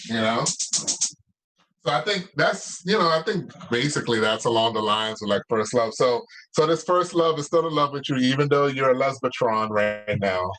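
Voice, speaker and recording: A man's voice: mid-range voice, expressive, normal speed, fairly bright tone, low-quality recording. Male guest cook, laid-back and rambling, on a laptop video call from his home kitchen. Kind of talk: casual chat over video call. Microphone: laptop mic on video call.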